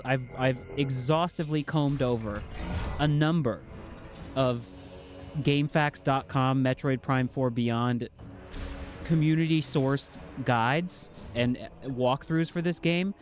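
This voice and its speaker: A man casually commentating his game playthrough, jokey and excitable, reading item scans aloud. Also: fairly high pitch. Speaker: game streamer. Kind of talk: casual let's-play commentary.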